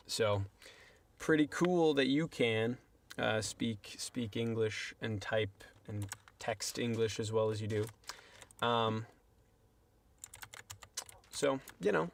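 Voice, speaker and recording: A man's voice: medium pitch, takes it slowly, vocal fry, pauses often, slight background noise. A young man streaming a game, chatting casually and rambling to his viewers in a self-deprecating way. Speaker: livestreamer. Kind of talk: casual gameplay stream chat.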